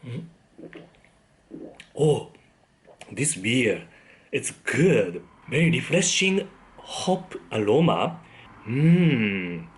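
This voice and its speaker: A man's voice: mid-range voice, very animated, extremely slow, pauses often. A man, hosting a food vlog and tasting his dinner with frequent appreciative hums. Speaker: food vlogger. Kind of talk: casual tasting commentary.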